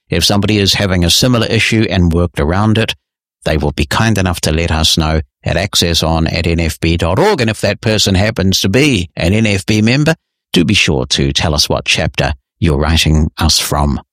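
A man with a fairly low voice hosts a podcast and works through listener emails. He answers in a measured, friendly, explanatory manner. The sound is dry and close, with no room echo. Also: fairly bright tone. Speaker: podcast host.

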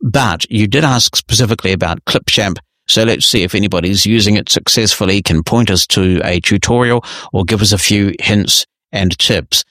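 Man, podcast host, low voice, measured and friendly, answering listener mail, dry close sound. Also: pushed and bright, no echo. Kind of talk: reading and answering listener emails.

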